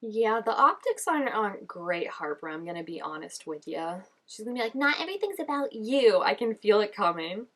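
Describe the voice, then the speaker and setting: A woman giving casual reaction commentary on a TV episode. She gushes and chats, fills her talk with "like" and "oh my gosh", and jumps up in pitch when excited. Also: a little fast, few pauses. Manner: gushing and chatty, full of "like" and "oh my gosh". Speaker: show reaction vlogger.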